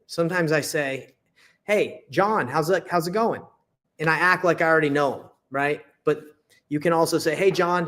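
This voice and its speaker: Chatty young man coaching cold calls. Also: fairly high pitch. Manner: conversational, acts out call dialogue, frequent "right?" and restarts. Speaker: real estate wholesaling coach. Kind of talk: casual teaching, reading through a call script.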